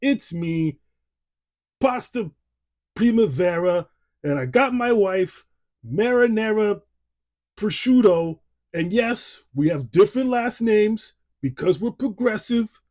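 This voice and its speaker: A man's voice: high-pitched, animated, slow pace, darkish tone, voice pushed up. A man putting on an exaggerated Italian-American accent, playing a brash, boastful New York man who grunts and blusters. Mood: blustery. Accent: exaggerated put-on Italian-American.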